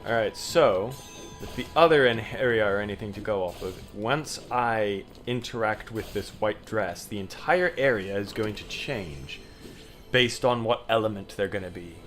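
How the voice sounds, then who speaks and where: A man streaming a video game, commenting casually and yelling and swearing at it when things go wrong. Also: lowish voice, moderate pace, soft background music. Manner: excitable, swears, yells at the game. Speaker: gamer streamer.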